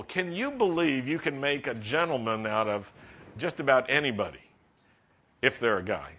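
Bright-voiced man preaching a practical sermon. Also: fairly low pitch. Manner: conversational, practical, rising animated emphasis. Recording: dull lo-fi sound.

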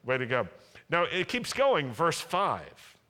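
A man's voice: a little high, huge pitch swings, slow, pushed and bright. A man preaching a sermon as pastor, asking the congregation to answer him. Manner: preaching, asks the congregation to respond. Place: large worship hall. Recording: long hall reverb.

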